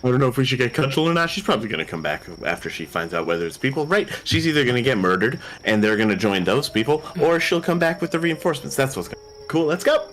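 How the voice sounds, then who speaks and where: A man's voice: mid-range voice, very animated, fast talker, a bit bright, a little hiss or hum. A man playing a tabletop role-playing game, talking loosely and joking, with fillers as he thinks aloud. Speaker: player. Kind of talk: casual tabletop game chat and in-character talk.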